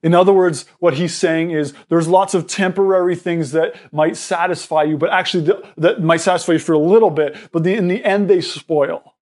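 A man delivers a sermon in a notably high voice. He speaks earnestly and explains patiently. He often trips over and restarts his words. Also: steady tone, fairly quick, a little mellow. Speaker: pastor.

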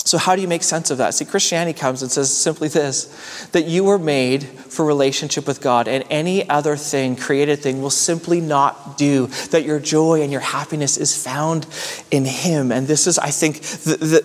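A man delivers a sermon as a pastor, his slightly high voice ringing with a long reverb through the hall. He climbs louder and higher on questions, then sinks low and soft on his closing points, often repeating words as he reaches for the next phrase.

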